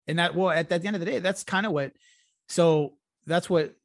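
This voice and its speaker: A man's voice: fairly high pitch, a little fast, dry recording. Profane rambling podcast man. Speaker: podcast co-host. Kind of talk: casual chat.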